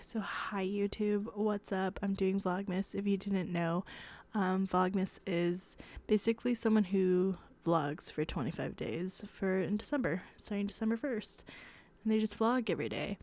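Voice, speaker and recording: Hushed, half-whispering young woman host. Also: medium pitch. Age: young adult. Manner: rambling, giggly, self-correcting. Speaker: podcast host. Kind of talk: casual podcast chat. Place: her home at night.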